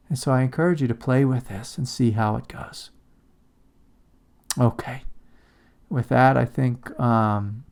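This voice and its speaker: A man giving a calm, reflective spiritual talk as a teacher. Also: mid-range voice, measured pace, vocal fry, long pauses. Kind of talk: satsang talk on shadow work.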